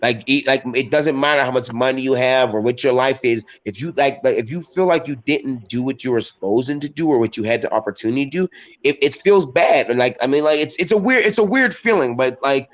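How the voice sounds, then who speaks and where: A professional MMA fighter appears as a guest on a podcast via video call, chatting casually. His medium-pitched voice is expressive and fairly quick, and he rambles and swears with plenty of fillers. The recording is rough.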